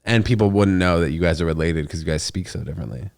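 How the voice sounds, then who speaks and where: A man's voice: deep voice, fast talker, vocal fry, no echo, clean studio sound. A man hosting a podcast, asking curious follow-up questions in casual chat. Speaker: podcast host.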